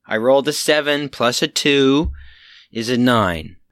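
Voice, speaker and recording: A man's voice: medium pitch, lively intonation, unhurried, a bit bright, dry recording, clean studio sound. A man playing in a tabletop game, playful and rambling. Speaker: player. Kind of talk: tabletop role-play.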